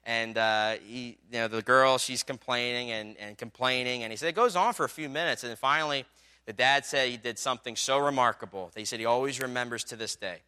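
A man delivers a sermon in a conversational storytelling way, full of little fillers. His voice is bright and forceful, smooth and crisp. He builds toward loud, emphatic moments. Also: medium pitch, brisk. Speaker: pastor.

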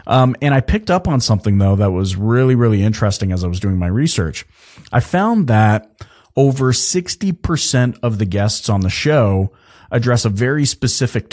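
A man hosting his own podcast, talking in an energetic, chatty way with lots of fillers and restarts. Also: mid-range voice. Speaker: podcast host. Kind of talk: casual solo podcast talk.

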